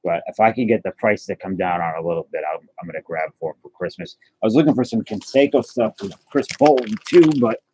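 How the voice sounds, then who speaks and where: A man's voice: on the low side, expressive, fast talker, hardly any pauses, dark tone, a little hiss or hum. Chatty man hosting a card livestream. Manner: chatty, answers chat messages aloud, stumbles and restarts. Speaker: livestream host opening trading cards. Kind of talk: casual livestream chat.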